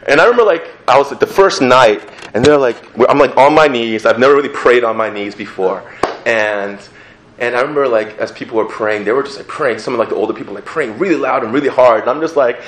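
Young man, testimony talk, lively storyteller who laughs easily and goes hushed for prayers, echoey room. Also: medium pitch, fast, slight background noise. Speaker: speaker giving a testimony.

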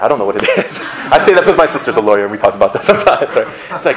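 A man preaching a sermon in a casual, animated storytelling manner, often laughing as he talks. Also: mid-range voice, very fast, hardly any pauses, slight background noise. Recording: roomy echo, faint ambience.

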